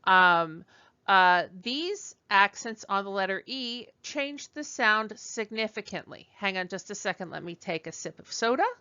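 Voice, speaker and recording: A woman teaching a beginner French lesson, speaking slowly and deliberately and repeating words for learners. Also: mid-range voice, lively intonation, sharp tone, clean tone, dry recording, highs cut off.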